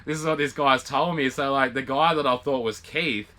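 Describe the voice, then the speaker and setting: A young Australian man tells a story in a casual vlog, slipping into the voices of the people he quotes. His voice is bright and forceful, with a middling pitch. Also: normal speed. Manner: animated retelling with quoted dialogue and laughs. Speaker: vlog co-host.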